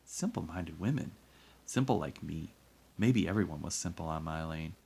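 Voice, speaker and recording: Man with a really low voice reading a kids' book chapter out loud. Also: animated, moderate pace, vocal fry, slightly rough. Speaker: reader. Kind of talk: reading a children's novel aloud.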